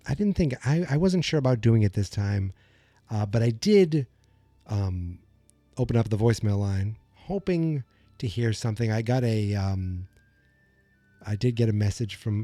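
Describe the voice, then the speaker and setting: A man in his forties hosts a comedic solo podcast. He rambles in a self-deprecating, mock-dramatic way. His voice is low and mellow. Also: dry recording. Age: 40s. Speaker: podcast host.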